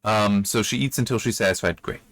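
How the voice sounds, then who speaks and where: A man's voice: on the low side, brisk, fairly bright tone. A man giving casual, rambling commentary on a book he has read, with frequent restarts and asides. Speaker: book reviewer.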